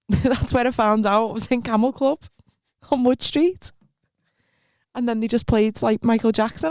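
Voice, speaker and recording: A woman's voice: fairly high pitch, measured pace, long pauses, darkish tone, no room sound, clean studio sound. A young woman, co-hosting a podcast in a giggly, chatty way. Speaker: podcast co-host. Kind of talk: casual chat.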